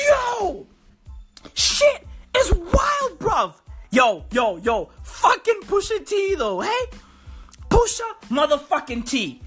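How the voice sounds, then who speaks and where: A woman's voice: extremely high pitch, wildly swooping pitch, slow, faint music behind. A woman delivering a profane, mocking comedy rant full of slang.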